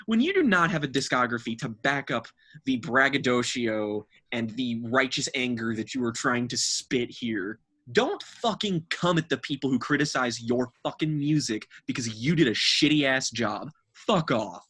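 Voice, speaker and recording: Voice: medium pitch, sing-song, moderate pace, fairly bright tone, breathy edge. A podcast co-host ranting through an album review with exasperated, profane, cutting remarks.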